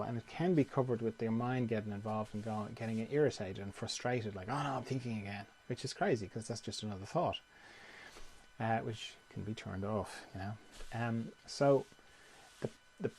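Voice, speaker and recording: A man teaching meditation in a calm, conversational way, often repeating phrases. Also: medium pitch, a little hiss or hum. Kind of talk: guided meditation talk.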